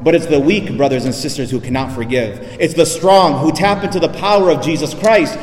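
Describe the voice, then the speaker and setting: A male priest delivering an emphatic sermon, dropping his voice low and soft on key lines. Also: a little fast, a little hiss or hum. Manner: emphatic preaching, drops low and soft for weight. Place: church. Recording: echoey church reverb.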